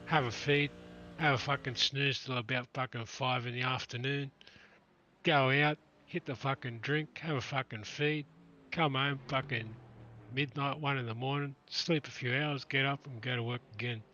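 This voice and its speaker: A man rambles through casual chat with teammates and swears constantly. His voice is bright and forceful. The mic sounds dull and lo-fi. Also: medium pitch, steady tone, moderate pace.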